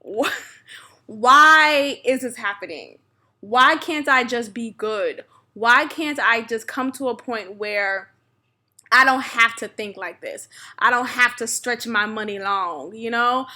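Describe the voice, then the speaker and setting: Bright-voiced young woman venting on a podcast. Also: on the high side, takes it slowly. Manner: venting, exasperated, laughs often. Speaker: podcast host. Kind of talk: casual solo podcast rant.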